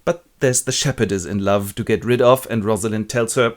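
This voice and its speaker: A man's voice: lowish voice, fairly quick, hardly any pauses. A man, host, retelling a classic play in an irreverent, slangy comic style.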